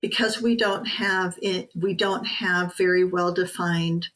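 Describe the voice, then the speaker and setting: A woman's voice: fairly low pitch, steady tone, takes it slowly, a bit bright, low-quality recording. A woman hosting a podcast interview, supportive and reflective, giving frequent brief affirmations. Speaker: podcast host. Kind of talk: interview conversation.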